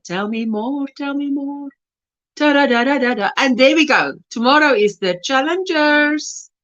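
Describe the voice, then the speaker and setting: A South African woman hosts a crochet livestream, greeting viewers one by one and reading their messages aloud. Her voice sits high and swoops up and down, and she takes her time. The recording sounds a little muffled and lo-fi. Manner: warm greetings, reads chat messages aloud, laughs often. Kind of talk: casual livestream chat reading viewer comments.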